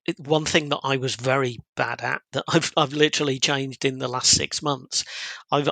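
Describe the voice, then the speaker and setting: Chatty man, mid pitch, gravelly and bright, dry close sound. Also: steady tone, normal speed, dry recording, low-quality recording. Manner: upbeat, chatty, with many fillers. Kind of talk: casual podcast conversation.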